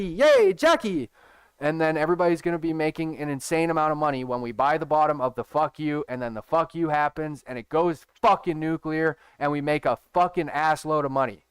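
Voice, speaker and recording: A stock trading educator with a slightly high, clean voice runs a casual screen-share tutorial, emphatic and profane, repeatedly checking in with viewers. The audio is studio quality with no room sound.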